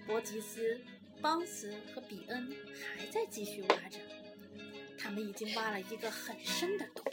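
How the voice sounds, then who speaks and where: A mother reading a storybook aloud to her child in an expressive, lively way. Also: fairly high pitch.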